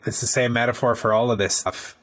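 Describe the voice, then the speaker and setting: A man hosting a podcast, telling stories in a lively, casual way. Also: medium pitch, a little fast. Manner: animated storyteller, peppers talk with "right?" and "man". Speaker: podcast host.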